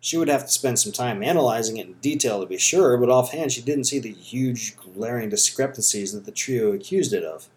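Steady male audiobook narrator. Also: medium pitch. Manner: steady, measured storytelling.

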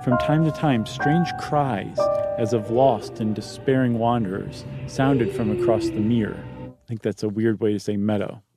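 Over loud background music, a man with a fairly low, fairly even voice reads a ghost story at a measured pace. He keeps the reading plain, pausing occasionally to crack jokes and comment, in a relaxed storytelling session with banter.

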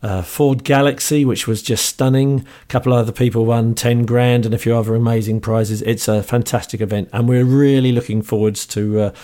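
A man with a New Zealand accent hosting a podcast in casual chat, slightly hoarse, upbeat and chatty with a lot of ums and uhs. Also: mid-range voice, steady tone, a little fast, hardly any pauses, mellow. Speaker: podcast host.

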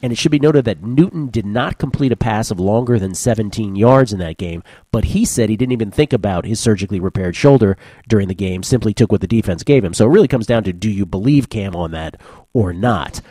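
A man with a mellow, dark voice hosts a sports betting show. He talks briskly and wryly, recorded close and dry with no room sound. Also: fairly low pitch, animated, breathy edge, no echo. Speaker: sports betting podcast host. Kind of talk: casual sports betting talk.

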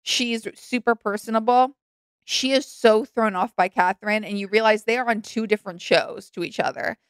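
A young woman co-hosting a casual chat, animated and laughing as she acts out quotes. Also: a little high, moderate pace, clean tone, dry recording, studio quality. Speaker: podcast co-host.

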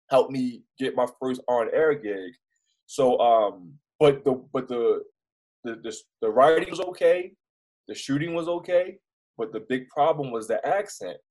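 A young man from Baltimore with a Baltimore accent, a news reporter telling stories as an interview guest in a rambling, animated way with many restarts. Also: medium pitch, measured pace, poor audio. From Baltimore, United States. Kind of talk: casual storytelling in an interview.

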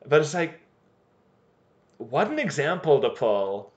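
Guy on a podcast making dry snarky comments, slightly high voice, muffled lo-fi audio. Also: very animated, slow. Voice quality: wry, sarcastic asides. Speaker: podcast co-host. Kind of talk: casual recap chat.

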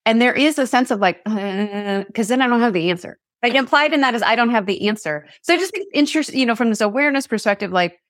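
A woman's voice: on the high side, expressive, fast talker, few pauses, fairly bright tone, dry recording, studio quality. A woman podcast host and leadership coach who reflects aloud, often stopping to ask "right?" as she works through an idea. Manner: reflective, thinks aloud with "you know" and "right?". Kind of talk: interview conversation.

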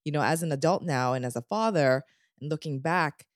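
A man's voice: fairly high pitch, fairly quick, dry recording, studio quality. A man co-hosting a podcast interview, summing up what the guest said and asking thoughtful follow-up questions. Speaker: podcast co-host. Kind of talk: interview host.

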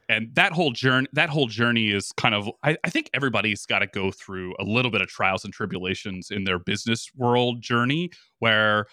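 Male podcast guest, announcer-type voice, low and punchy, energetic storyteller with lots of restarts. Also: no room sound, studio quality. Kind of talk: casual conversation.

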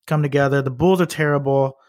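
Young male podcast co-host, quick casual talker, dry close sound. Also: medium pitch, fairly even intonation, a little mellow, no echo. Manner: fast, loose, swears casually. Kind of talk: casual sports chat.

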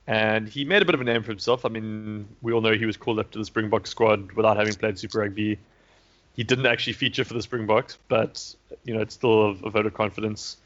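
A man's voice: lowish voice, fairly even intonation, fast, fairly bright tone. A man hosting a casual chat, rambling with many fillers and restarts. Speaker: podcast host previewing rugby. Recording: dull lo-fi recording.

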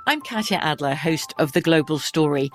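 A woman reads a podcast promo in a confident, measured tone. Her voice sits a little low. Faint music plays underneath. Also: animated. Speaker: podcast host.

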